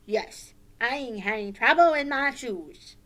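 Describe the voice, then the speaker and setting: A woman voicing a cheerful, polite little boy puppet for children, high and squealing, asking slowly and carefully. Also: animated, a bit bright.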